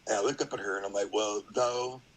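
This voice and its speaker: Husky low-voiced middle-aged man rambling. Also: fairly even intonation, fairly quick, rough recording. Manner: rambling, with many fillers and acted-out quotes. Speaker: podcast guest. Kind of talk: casual storytelling.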